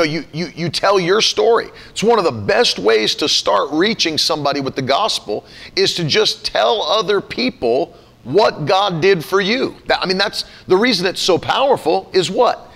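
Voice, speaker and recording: A man giving a casual teaching talk on faith, animated, often laughing and mimicking other people's voices. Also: a little high.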